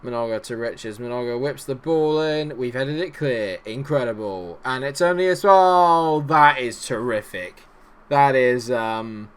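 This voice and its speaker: Excitable man, lively pitch. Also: a little hiss or hum. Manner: excitable, jokey, talks to players on screen. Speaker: gaming YouTuber. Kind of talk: let's-play commentary.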